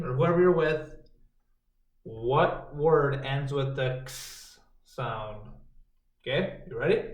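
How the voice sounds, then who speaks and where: Slow-talking man teaching young kids. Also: a little high, a little mellow. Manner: slow, sing-song teacher voice, sounding out letters. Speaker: kindergarten teacher. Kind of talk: remote phonics lesson for young children. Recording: roomy, distant home video.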